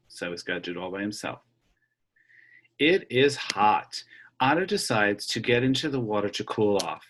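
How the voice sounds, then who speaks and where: A middle-aged man teaching elementary music over a video call, reading a picture book aloud and explaining rhythms slowly and patiently to children. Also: lowish voice, fairly bright tone, husky. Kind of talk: online music lesson with read-aloud. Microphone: computer mic on a video call.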